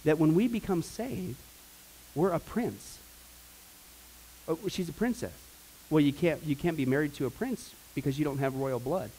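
A man with a high voice leads a Bible class. He talks casually and rambles, with joking asides, then breaks into loud preaching. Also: expressive, moderate pace, long pauses, slight background noise, rough recording. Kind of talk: informal Bible teaching.

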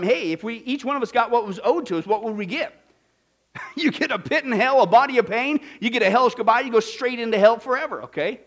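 Man, pastor, from Kansas, high-pitched, animated, jokey, sermon. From Kansas, United States. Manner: animated, jokey, swings from loud to hushed. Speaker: pastor teaching a Bible study.

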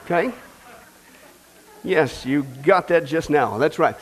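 A man's voice: fairly high pitch, lively intonation, slow. A man, a pastor, preaching a sermon in a folksy, joking way and calling his congregation folks. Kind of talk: sermon with a joke. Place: church.

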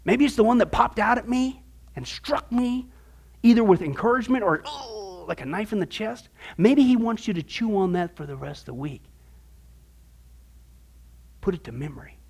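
A man's voice: high-pitched, expressive, moderate pace, vocal fry, pauses often, breathy edge. A man teaching a Bible discipleship class as pastor, firing off rhetorical questions with folksy asides.

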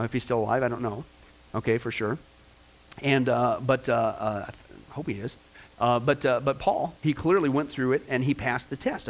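A pastor preaching a sermon in an informal, rambling way, often checking in with "okay?" and "you know". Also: male voice, on the high side, poor audio. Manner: informal, rambling delivery with many okays and you-knows.

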